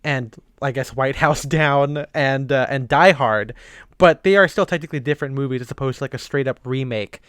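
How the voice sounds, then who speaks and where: A man's voice: medium pitch, moderate pace, a bit bright, clear, resonant tone, dry recording, clean studio sound. A young man co-hosting a podcast, rambling and laughing often. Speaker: podcast co-host. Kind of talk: casual chat.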